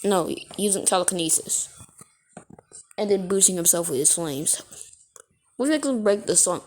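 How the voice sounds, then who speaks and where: A woman's voice: lowish voice, animated, moderate pace, darkish tone. A woman casually retelling a fan story as narrator, rambling and correcting herself as she goes.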